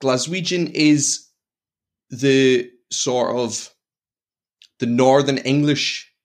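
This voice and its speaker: Relaxed Scottish guy, self-mocking, mid voice. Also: medium pitch, drawn-out words. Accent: Scottish, Glasgow area. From Scotland. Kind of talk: casual chat.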